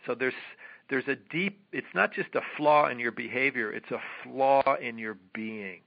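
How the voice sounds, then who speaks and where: A man being interviewed as a guest author, explaining at length in a halting way with many fillers and restarts. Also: medium pitch, gravelly. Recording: dull lo-fi audio.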